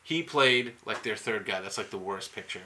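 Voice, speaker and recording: A man's voice: on the low side, normal speed, a crowd in the background. A man casually recapping a movie on a podcast, rambling and swearing, with lots of "like" fillers. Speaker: podcast co-host.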